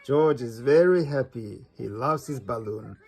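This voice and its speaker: A children's storybook read aloud slowly and evenly. The voice is gravelly and breathy, with a relaxed, unhurried delivery. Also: mid-range voice, soft background music. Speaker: storybook reader.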